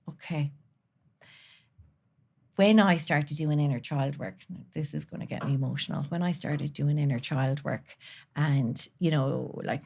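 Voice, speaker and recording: A woman guest on a podcast, speaking earnestly and from the heart, sometimes dropping to a soft near-whisper. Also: low voice. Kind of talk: candid conversational interview.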